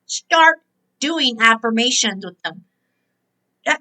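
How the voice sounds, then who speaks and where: A woman's voice: high voice, animated, slow pace, pushed and bright, poor audio. A woman hosting a spiritual motivational talk, emphatic and exhorting, repeating her key words. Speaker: host and motivational speaker.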